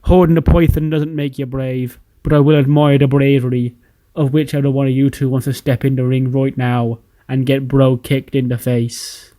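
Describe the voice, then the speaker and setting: A man voicing a sarcastic, taunting male wrestler who speaks slowly, in a dry close recording. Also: medium pitch, level tone, dark tone, no echo, close to an everyday voice. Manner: sarcastic, slow.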